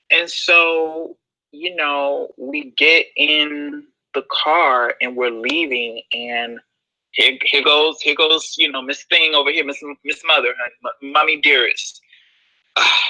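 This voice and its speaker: A young man telling a personal story in a casual, sassy, expressive way, full of slang. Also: medium pitch, low-quality recording.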